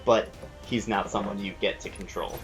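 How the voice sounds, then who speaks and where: A man's voice: lowish voice, steady tone, moderate pace, a bit bright, soft background music. A man hosting a gameplay video, chatting casually and explaining the game's mechanics as he thinks aloud. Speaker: let's play host.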